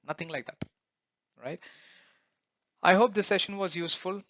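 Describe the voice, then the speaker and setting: A man with a slightly high voice giving an earnest motivational talk for his self-help channel. He speaks with loose, non-native phrasing, fillers and restarts, and keeps checking in with his listeners. The recording is dry and dull, with a lo-fi edge. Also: normal speed, sharp tone, no room sound. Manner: earnest, repetitive, asks listeners "right?".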